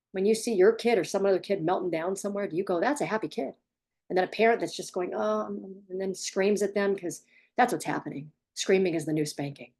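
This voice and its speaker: A woman's voice: fairly low pitch, a little mellow, slightly rough. A woman parenting coach giving blunt, emphatic advice straight to the viewer, repeating points for stress. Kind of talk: direct advice monologue.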